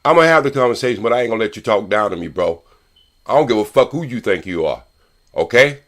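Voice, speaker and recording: An older man on a podcast panel, arguing loudly and profanely and repeating points for emphasis. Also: lowish voice, expressive, fast. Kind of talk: heated podcast debate.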